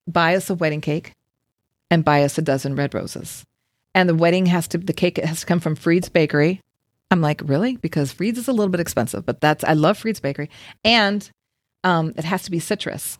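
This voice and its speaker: A woman's voice: deep voice, no room sound, clean studio sound. A middle-aged woman, a Reiki practitioner, telling a story in casual chat and acting out the voices of the people in it.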